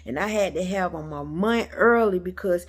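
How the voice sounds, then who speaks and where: A woman's voice: lowish voice, moderate pace. A woman vlogger telling a story to her viewers in a chatty, emphatic way, calling them y'all. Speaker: metaphysics vlogger.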